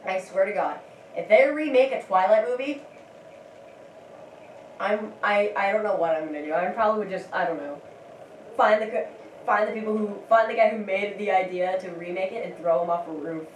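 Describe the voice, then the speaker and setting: A woman's voice: medium pitch, normal speed. A woman chats loosely over her gameplay in a giggly, rambling way, often restarting her sentences. Her voice sounds roomy and set back from the mic. A faint hiss runs underneath. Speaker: gameplay commentator. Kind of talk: casual let's-play commentary. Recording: roomy, distant mic, faint background noise.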